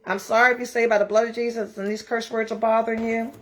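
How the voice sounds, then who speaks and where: A woman's voice: a little high, little pitch movement, fast talker. A middle-aged woman hosting a self-care challenge, talking bluntly and emphatically to her followers and swearing freely. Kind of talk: casual motivational talk to followers.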